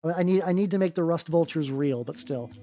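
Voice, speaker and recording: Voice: mid-range voice, brisk, warm tone, faint music behind. A miniature-painting streamer chatting casually with viewers while working, rambling with many restarts, swearing offhandedly and greeting chat by name.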